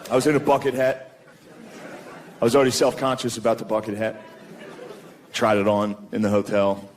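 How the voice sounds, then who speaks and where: A stand-up comedian with a mid-pitched male voice delivers crude, deadpan jokes and keeps breaking into laughter. He works a stage mic in a big hall where his words ring out with a long echo. A loud crowd laughs over a steady hum of noise. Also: normal speed. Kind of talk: stand-up set before a live audience. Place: large hall with a live audience.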